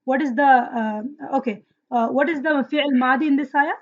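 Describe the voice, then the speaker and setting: A woman's voice: sits high, moderate pace. A woman teaching an online Arabic grammar class, asking students questions, praising their answers and reciting Quranic verses. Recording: dull lo-fi audio.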